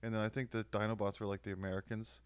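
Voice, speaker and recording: A man's voice: on the low side, level tone, quick pace, clean tone, dry recording. A man co-hosting a podcast in casual chat, joking, riffing on the conversation and slipping into silly voices. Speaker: podcast co-host.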